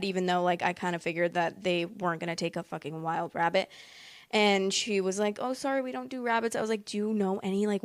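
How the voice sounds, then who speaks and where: A woman's voice: mid-range voice, no room sound, clean studio sound. A woman telling a personal story in a casual, rambling way, packed with fillers and emotional asides. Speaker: vlogger.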